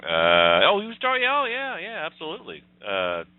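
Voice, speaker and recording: A man co-hosting a casual political chat, with mocking sarcasm and a quick laugh. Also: a little high, huge pitch swings, slight background noise. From United States. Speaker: co-host. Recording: dry, phone-like sound.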